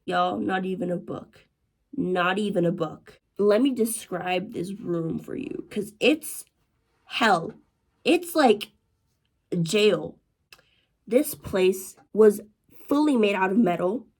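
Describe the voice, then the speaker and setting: A woman's voice: mid-range voice, takes it slowly, long pauses, darkish tone. A young adult woman telling a storytime to the camera, profane and dramatic, often calling out to her viewers. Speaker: vlogger. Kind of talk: casual storytime.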